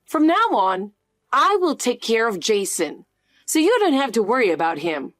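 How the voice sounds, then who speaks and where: A synthetic woman's voice reading the lines of a spiteful middle-aged mother-in-law in an even, flat delivery. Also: on the high side, moderate pace, dry recording, studio quality. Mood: scornful. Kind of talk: scripted story narration.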